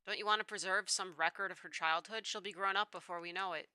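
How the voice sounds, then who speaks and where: Doting male scientist dad, soft and tender, read by a woman, bright tone. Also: medium pitch, steady tone, fast talker, smooth, no echo.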